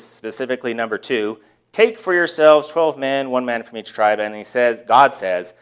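A pastor preaching a sermon in a conversational way, often putting rhetorical questions to the congregation. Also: male voice, mid-range voice, a bit bright.

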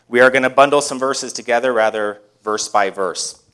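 A pastor preaching a sermon in a conversational way, often putting rhetorical questions to the congregation. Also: male voice, mid-range voice, moderate pace, a bit bright, clear, resonant tone.

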